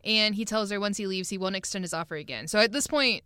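A woman's voice: medium pitch, quick pace, bright, forceful tone, clean tone, no echo. A woman co-hosting a podcast, laughing often as she recaps the plot in casual chat. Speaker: podcast co-host. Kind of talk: casual book discussion.

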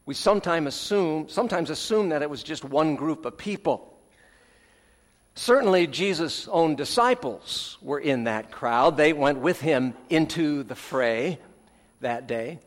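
A man preaching a sermon in a measured way, his phrases swelling with emphasis and then falling away at the ends. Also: a little high, expressive, long reverb tail. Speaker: pastor.

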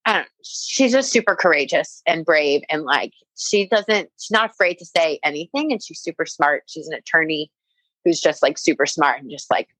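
A young woman recounts a personal story in casual conversation, her voice a little low and recorded dry and close. She leans on "like" constantly and acts out what people said to her. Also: normal speed, a bit bright, dry recording, low-quality recording. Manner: frequent "like" fillers, quoting herself and others. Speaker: guest telling a personal story.

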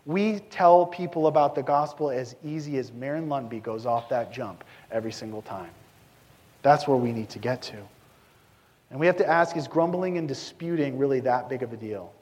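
A man's voice: medium pitch, moderate pace, darkish tone, muffled recording. A man preaching a sermon as pastor to his church, earnest and direct, acting out the quoted voices of biblical figures as he goes. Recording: long hall reverb.

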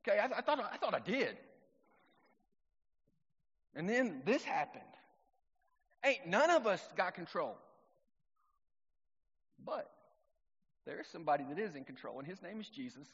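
Pastor preaching in a reverberant room. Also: male voice, high-pitched, big pitch swings, unhurried, long pauses, a bit bright, husky. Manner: conversational storytelling preacher. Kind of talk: sermon. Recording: long reverb, dull lo-fi sound.

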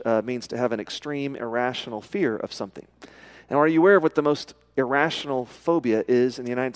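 A middle-aged American man preaching a sermon to his church, talking casually and often putting questions to the congregation. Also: mid-range voice. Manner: conversational, asks the congregation questions. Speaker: pastor.

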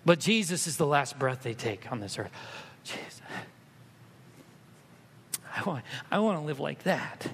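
High-voiced man preaching a sermon. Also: sing-song, a little slow, creaky, pauses often, big-room sound, slight background noise. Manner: swings from hushed storytelling to loud, emphatic preaching. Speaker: pastor.

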